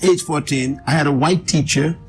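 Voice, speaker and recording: A man recounting his life story as an interview guest, emphatic, with repeated phrases and dramatic pauses. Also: on the high side, faint music behind, low-quality recording.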